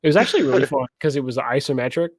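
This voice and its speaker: A young man co-hosting a casual podcast, animated and swearing often, acting out quotes in funny voices. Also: medium pitch, racing. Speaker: podcast co-host. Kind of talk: casual chat. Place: home streaming setup.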